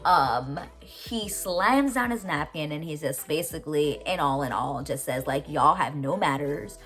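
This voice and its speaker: Young woman, low voice, gushing casual recapper, swears a lot, faint music behind. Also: measured pace. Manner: excitable, gushing, swears freely, many "like"s. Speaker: TV reaction vlogger.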